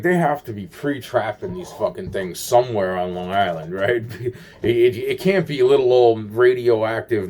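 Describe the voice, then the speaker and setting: A man's voice: lowish voice, a little mellow. A man rambling through a paranoid personal story, swearing constantly and restarting his sentences.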